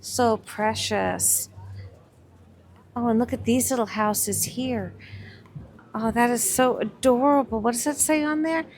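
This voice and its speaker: A woman's voice: on the high side, fairly even intonation, moderate pace, a little mellow, a little hiss or hum. A woman giving casual, enthusiastic commentary while shopping at a winter market and admiring the crafts. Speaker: vlog co-host shopping a market.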